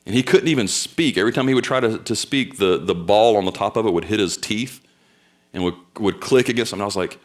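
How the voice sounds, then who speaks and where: Storytelling young pastor, lively bursts. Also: male voice, fairly low pitch, quick pace. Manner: storytelling, swings between loud bursts and quiet asides. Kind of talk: sermon.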